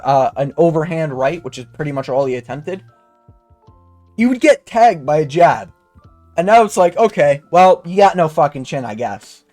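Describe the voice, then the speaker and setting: Profane ranting young man, high voice. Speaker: MMA commentator. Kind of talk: casual fight breakdown rant.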